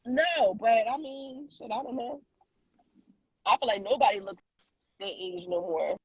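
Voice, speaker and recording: A woman co-hosting a casual podcast, telling a story in an animated way with lots of fillers and restarts. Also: fairly high pitch, a little slow, breathy edge, dry recording, lo-fi sound. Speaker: co-host.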